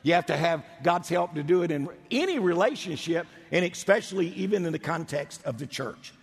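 A man's voice: fairly high pitch, animated, fairly quick, gravelly, in a large hall. A male pastor preaching a sermon with emphasis, drawing out key words.

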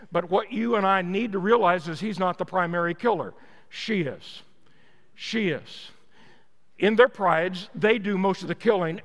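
Energetic high-voiced male preacher. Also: big-room sound. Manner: energetic, emphatic storyteller. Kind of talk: storytelling sermon.

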